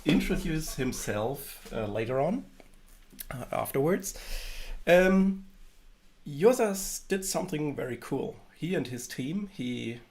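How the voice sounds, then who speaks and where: A male podcast host opens the episode slowly and easily, pausing on fillers as he finds his words. He keeps an unhurried, conversational pace throughout. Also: fairly high pitch, lively intonation, darkish tone. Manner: unhurried, with hesitations. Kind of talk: casual podcast intro.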